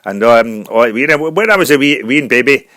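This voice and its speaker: A man's voice: medium pitch, animated, moderate pace, pushed and bright, no echo, voice pushed down. A man putting on a bashful Scottish singer with a Scottish accent. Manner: hesitant, rambling, bursts into jolly song. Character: chubby shy Scottish male folk singer.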